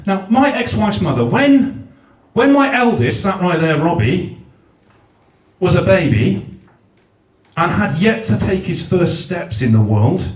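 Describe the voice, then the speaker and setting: A man from South Wales doing a stand-up set at a comedy night, ranting in exasperation and swearing heavily. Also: sits high. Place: large function room at a comedy night. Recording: roomy live venue, mic at a distance.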